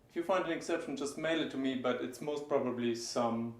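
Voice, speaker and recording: A man teaching German pronunciation, explaining each sound and slowly repeating example words. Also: medium pitch, roomy sound. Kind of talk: pronunciation lesson.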